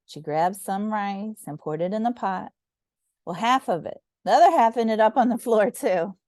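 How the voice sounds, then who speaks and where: Mellow woman reading a children's story. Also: medium pitch, moderate pace, no room sound, clean studio sound. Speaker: storybook reader. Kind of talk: children's story read-aloud.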